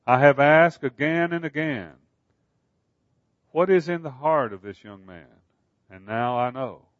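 A man voicing a weary aging king who speaks quietly and in a measured way, in a dull, dry recording. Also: mid-range voice, no room sound, close to an everyday voice.

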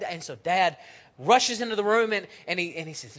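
A man preaching a sermon in a church, telling stories and acting out the voices in them, swinging from loud to hushed. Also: high-pitched, fast. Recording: dull lo-fi recording.

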